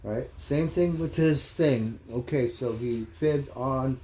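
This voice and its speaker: A man on a livestream rants in blunt, heated bursts and swears freely. His voice is dark and mellow, and his pitch sits mid-range for a man. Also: takes it slowly. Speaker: livestream host. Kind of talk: casual ranting commentary. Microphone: streaming mic.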